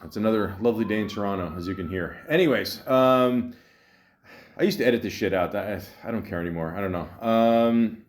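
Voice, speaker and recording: A man's voice: fairly low pitch, a little fast. Rambling sarcastic male podcast host. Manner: rambling, sarcastic, many fillers and restarts. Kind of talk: casual solo podcast monologue. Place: home in a city, street sounds outside.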